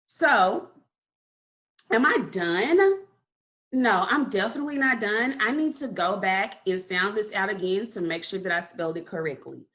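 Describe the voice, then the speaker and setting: A woman's voice: medium pitch, lively intonation, unhurried, a bit bright. A woman teaching a kindergarten phonics lesson, patiently stretching out sounds and praising often. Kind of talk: slow phonics lesson for young children.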